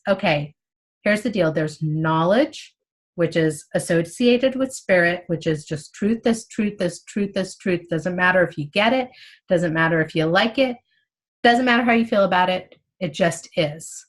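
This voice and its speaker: A woman explaining a spiritual text in a casual, conversational way, acting out inner thoughts as she goes. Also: on the low side. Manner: animated, conversational, acts out inner monologues. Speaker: spiritual study teacher.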